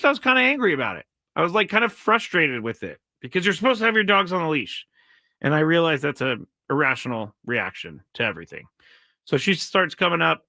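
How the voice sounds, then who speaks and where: Recorded dry, a man with a slightly high voice that sounds pushed and bright hosts his own casual live stream. He tells a meandering story full of self-corrections and reads out comments from his viewers.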